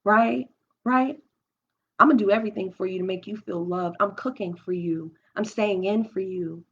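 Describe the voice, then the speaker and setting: A young woman hosts a live stream from home, speaking candidly and emotionally about her own experiences while thinking aloud with many restarts. Her husky voice is medium in pitch at a normal speed. The stream audio sounds dull and lo-fi.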